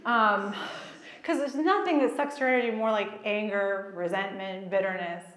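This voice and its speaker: Woman, faith-event speaker, lively and self-mocking storyteller, mid-pitched, miked in a reverberant hall. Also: normal speed. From child of Egyptian parents, raised in America. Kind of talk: personal storytelling talk. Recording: echoey hall.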